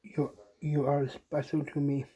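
A podcast host talks slowly in an earnest, deliberately sad voice, stumbling and repeating words as they go. The tone stays mellow and flat, with little rise or fall. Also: mid-range voice, low-quality recording. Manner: halting and repetitive, restarting phrases. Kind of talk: personal spoken message to a friend.

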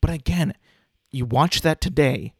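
A young man in his twenties talks casually and loosely, circling back and restarting his sentences. His mid-range voice has a gravelly fry to it. The recording is dry and close, with no room sound. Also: mid-range voice, lively intonation, moderate pace, no echo. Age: 20s. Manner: rambling, frequent restarts and filler words. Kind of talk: casual commentary on a cartoon ranking.

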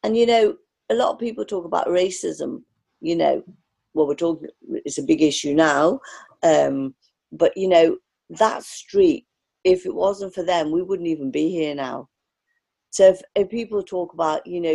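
A woman's voice: sits low, normal speed, gravelly, mellow, slightly rough, low-quality recording. A woman from the area, an artist reminiscing in a rambling interview full of restarts. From Liverpool area, England. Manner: rambling, many fillers and restarts. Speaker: artist guest.

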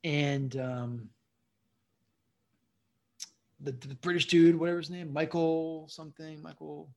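Comedian guy on a podcast, kinda high voice, rambly, lots of "you know what i mean". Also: fairly even intonation, normal speed, mellow. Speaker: guest comedian. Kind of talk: casual interview chat.

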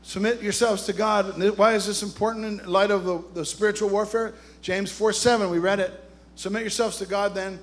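A man's voice: sits high, fairly even intonation, brisk, hardly any pauses. A man preaching a sermon in an emphatic, rousing way, calling out to his congregation. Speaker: pastor.

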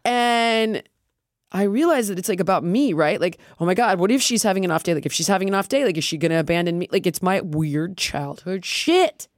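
This middle-aged woman hosts a podcast, chatting candidly and animatedly with a fairly low voice and a brisk pace. She swears freely and acts out what she and others said, quoting everyone in lively put-on voices. The audio is studio quality with no echo.

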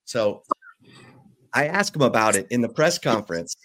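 A man hosting a sports talk show, telling stories lively and acting out what others said. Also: medium pitch, normal speed. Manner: animated storyteller, acts out quotes. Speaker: sports radio host. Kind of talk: casual chat.

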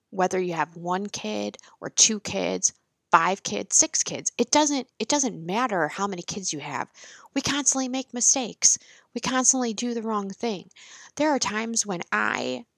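Gravelly, frank mom talking. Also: female voice, mid-range voice, no room sound. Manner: frank, profane, animated storytelling. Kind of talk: candid personal monologue.

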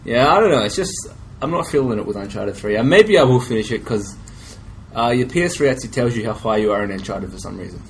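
A man's voice: medium pitch, expressive, fast, slight background noise, poor audio. Easygoing guy chatting. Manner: easygoing, rambling with restarts. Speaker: podcast co-host. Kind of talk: casual chat.

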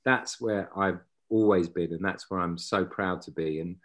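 A man's voice: low-pitched, moderate pace, a bit bright. A man, a guest actor telling rambling stories in casual chat and often breaking off mid-sentence. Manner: rambling, self-interrupting, anecdotal.

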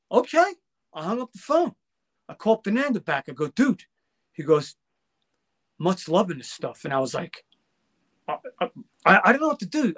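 A man's voice: sits high, fairly bright tone. An older man telling a story in casual chat, acting out quoted voices and swearing freely. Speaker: guest musician.

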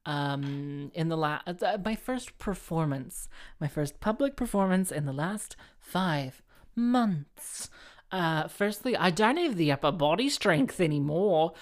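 A woman with a low-pitched voice rambling through a casual solo monologue. She mocks herself, laughs often and trips over restarts and filler words as she goes. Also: animated, slow pace. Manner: chatty, self-mocking, giggly, many fillers and restarts. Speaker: solo show host and harpist.

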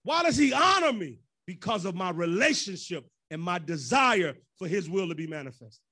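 A man's voice: high-pitched, animated, normal speed, pushed and bright. A man preaching as pastor in a loose, joking way, slipping into the voices of church folk. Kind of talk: conversational sermon.

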